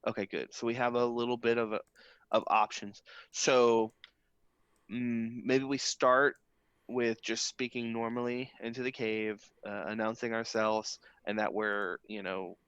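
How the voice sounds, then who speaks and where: A man's voice: mid-range voice, level tone, a little slow, fairly bright tone, clear, resonant tone, no room sound, dull audio. A man playing a tabletop role-playing game in casual chat, talking thoughtfully with frequent restarts. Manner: thoughtful, hesitant, lots of restarts.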